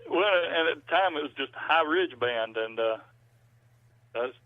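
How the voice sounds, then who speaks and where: A man's voice: on the high side, expressive, normal speed. Man, middle-aged, folksy rambling storyteller, thin telephone sound. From Georgia, US. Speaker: musician guest. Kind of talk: casual phone interview. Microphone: landline telephone. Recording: dry, tinny phone line.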